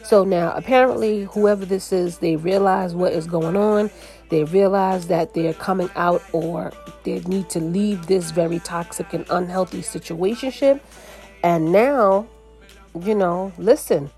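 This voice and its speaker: Woman, casual card-reading podcaster, conversational and lively, faint music bed. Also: fairly low pitch, measured pace, breathy edge. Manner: animated, conversational, frequent "you know" and "right?". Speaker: tarot card reader.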